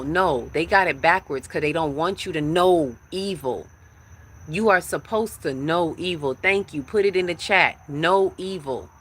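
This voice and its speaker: Brief: woman spiritual teacher on a live stream, forceful bright voice, preachy and emphatic. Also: low voice, moderate pace, slight background noise.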